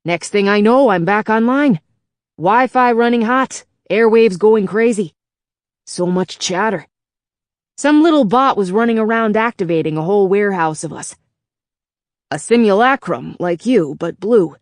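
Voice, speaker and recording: A woman's voice: mid-range voice, unhurried, no room sound, clean studio sound, lightly acted. A woman voicing a worn-out, confused male robot bartender with a Chicago accent and a brash, profane way of talking. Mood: lively. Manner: brash, profane working-class bar talk.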